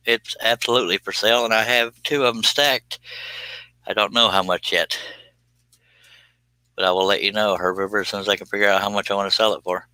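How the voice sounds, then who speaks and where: A man's voice: on the low side, fairly even intonation, fairly quick, pauses often, bright, forceful tone, clear, resonant tone, no room sound, low-quality recording. A man hosting a livestream, chatting casually with viewers as he works, folksy and joking. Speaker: livestream host answering chat. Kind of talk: casual livestream chat while working.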